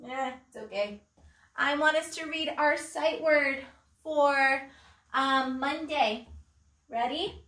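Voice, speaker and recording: A woman teaching a pre-K class from home, speaking slowly and clearly, with an encouraging manner and simple songs. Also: sits high, bright, forceful tone, far from the mic. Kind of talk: remote circle-time lesson. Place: room at home. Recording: echoey room, voice away from the mic.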